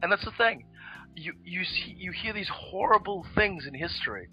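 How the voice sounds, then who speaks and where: Cursing freely and leaning on fillers, a man co-hosting a podcast tells history stories in a loose, rambling conversation. He has a high, expressive voice at a normal speed, heard through dull lo-fi audio with faint music.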